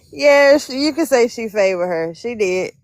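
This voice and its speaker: A woman being read by a psychic on a live stream, answering with short, firm confirmations. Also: a little high. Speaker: sitter receiving a reading. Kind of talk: casual call-in answers.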